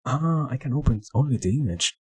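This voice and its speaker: A man's voice: mid-range voice, expressive, a little fast, heavy background noise. A young man streaming live, chatting casually, flustered, swearing and laughing a lot. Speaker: livestreamer. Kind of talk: casual livestream chat.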